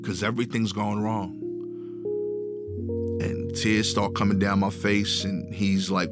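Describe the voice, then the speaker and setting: A young man telling a funny personal anecdote in casual slang, animated with sharp comic timing. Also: fairly low pitch, unhurried, long pauses. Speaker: storyteller. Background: guitar music.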